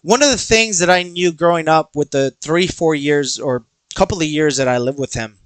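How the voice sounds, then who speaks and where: A man's voice: on the high side, moderate pace, clear, resonant tone, dry recording. A young man hosting a podcast, telling a personal story casually, acting out quoted voices and swearing freely. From Texas. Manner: animated, acts out quoted dialogue, swears freely. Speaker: podcast host.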